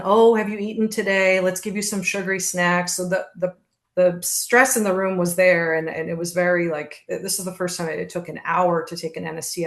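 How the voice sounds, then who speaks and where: A woman as a podcast guest, telling her birth story in a candid, steady way and acting out what others said. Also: lowish voice, roomy sound. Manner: candid, steady narration with reenacted quotes. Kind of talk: conversational storytelling.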